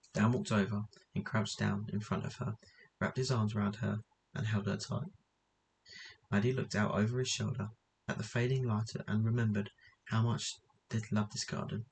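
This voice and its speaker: A man reading a novel aloud in a steady manner, now and then stumbling and restarting a word. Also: fairly low pitch, moderate pace, vocal fry, a little hiss or hum, low-quality recording. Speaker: audiobook reader.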